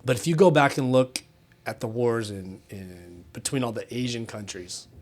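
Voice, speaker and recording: A man's voice: mid-range voice, normal speed, darkish tone. A man from the United States in casual conversation, earnest, often restarting as he searches for words. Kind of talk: casual chat.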